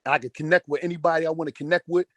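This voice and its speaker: A forties-aged man speaking on a group phone call rattles off an emphatic, swear-laden pep talk very fast, hammering home repeated phrases. His voice is a little high and a bit bright with fairly even intonation, and the recording is dry.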